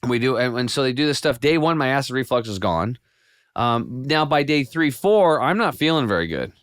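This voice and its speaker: A man guest on a podcast, telling his health story in a casual, animated way with many restarts. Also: medium pitch, normal speed, dry recording, studio quality. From United States. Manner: animated storyteller with frequent restarts and quoted self-talk.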